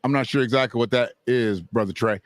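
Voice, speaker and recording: A man's voice: mid-range voice, brisk, no echo, clean studio sound. A man giving casual, blunt boxing commentary, swearing freely and answering his chat. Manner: blunt, profane, talks back to chat and clips.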